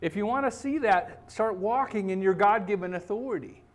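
A man's voice: high voice, normal speed. A middle-aged man preaching a sermon, emphatic and checking in with his listeners by asking "okay?" again and again. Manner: emphatic, repeats "okay?" to the congregation. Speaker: pastor.

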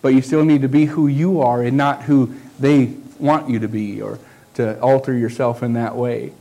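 A man's voice: medium pitch, fairly even intonation, moderate pace, gravelly, mellow, low-quality recording. A man who is a pastor, preaching a sermon in a folksy, conversational way, often checking in with the congregation. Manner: folksy, conversational preaching with frequent "okay?" asides.

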